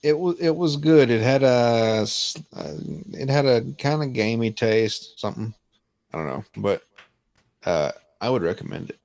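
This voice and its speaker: A man's voice: medium pitch, expressive, normal speed, darkish tone, no room sound. A man co-hosting a casual livestream chat, rambling, interrupting himself and swearing casually. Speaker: co-host.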